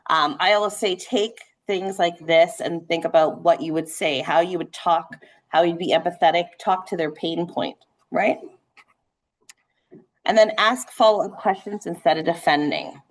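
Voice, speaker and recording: A woman real estate trainer leading a live sales training session, talking fast and animated, checking in with "right?" as she goes. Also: lowish voice. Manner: conversational, frequent "right?" checks.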